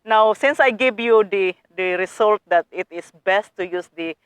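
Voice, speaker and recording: A woman's voice: mid-range voice, moderate pace, clean tone, no echo. A woman showing viewers her garden work in a casual how-to vlog, eager and chatty, often calling them guys. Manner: eager, addresses viewers as guys, non-native phrasing. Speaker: gardening vlogger.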